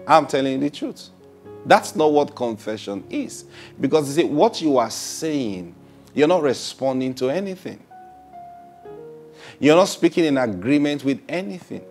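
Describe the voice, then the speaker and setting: A man preaching a sermon in a middle-pitched voice. He stretches out key words and doubles back on phrases for emphasis. Faint guitar music plays behind him. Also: very animated, darkish tone. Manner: drawn-out emphatic phrasing with repetitions.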